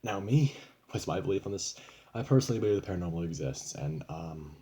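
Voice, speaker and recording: A man's voice: deep voice, expressive, fairly quick, mellow. A young man vlogging in a rambling, profane, frustrated way about trouble at home. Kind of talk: casual venting vlog.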